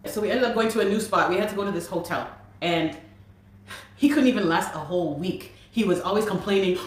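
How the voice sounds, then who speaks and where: A woman recounting a personal story as an interview guest, animated and acting out the dialogue of others. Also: medium pitch, fast. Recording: roomy echo.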